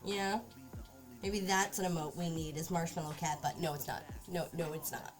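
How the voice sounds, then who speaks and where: A woman's voice: deep voice, moderate pace, over music. A woman streamer chatting casually while crafting at home, often cooing at her cat. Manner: chatty, talks baby-talk to her cat. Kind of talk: casual livestream chat.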